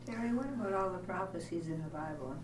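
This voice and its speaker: A woman's voice: fairly low pitch, animated, fast. An older woman from Canada in the audience, telling a personal story in a hesitant way with many ums and uhs. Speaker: audience member. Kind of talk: casual storytelling. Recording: roomy sound from far off, noisy.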